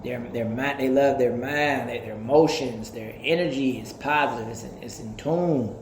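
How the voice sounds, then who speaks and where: A man in his thirties talking in a casual, animated, profane podcast monologue, laughing often. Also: medium pitch, moderate pace, reverberant, a little hiss or hum. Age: 30s. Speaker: podcast host.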